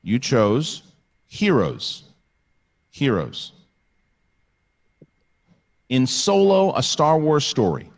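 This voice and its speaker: A man runs a live-streamed trivia match, calling scores and ruling on challenges in quick bursts. His voice is mid-pitched and sounds set back from the microphone. He often repeats key phrases for emphasis. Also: far from the mic. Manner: brisk, rapid-fire officiating, repeats key phrases. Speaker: trivia match host and referee.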